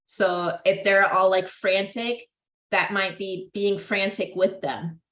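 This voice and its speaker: A woman's voice: medium pitch, steady tone, takes it slowly, a bit bright. A young adult woman giving a casual psychology lecture in a classroom, chatty, full of "like" and "right?", acting out what parents say. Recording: roomy echo.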